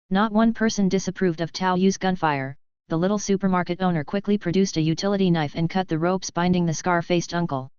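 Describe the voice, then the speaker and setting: A woman reading a web novel aloud as an audiobook narrator, in an even, measured way. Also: fairly low pitch, smooth, no room sound, highs cut off.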